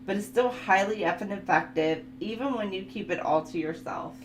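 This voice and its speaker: A woman's voice: mid-range voice, moderate pace. A woman giving a casual oracle card reading, chatting and laughing as she reads the card text aloud. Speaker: tarot reader. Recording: echoey room with steady hum.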